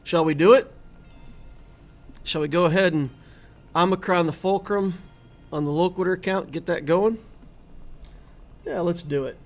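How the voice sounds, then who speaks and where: A middle-aged man with a high voice streams on his gaming channel, talking casually and easily to viewers at a moderate pace. His live-stream commentary is chatty and relaxed, broken up by long pauses.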